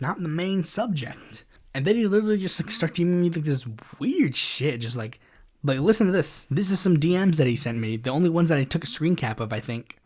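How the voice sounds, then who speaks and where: A podcast host lets off steam in a loose, sarcastic monologue, leaning on "like" and "it's like" as he goes. His voice sits a little high and swings widely in pitch, rising sharply whenever he is exasperated. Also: darkish tone. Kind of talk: casual ranting monologue.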